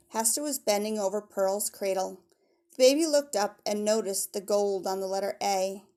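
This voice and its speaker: A woman's voice: mid-range voice, darkish tone. A woman teacher reading a novel aloud to her class, telling it expressively and adding chatty asides.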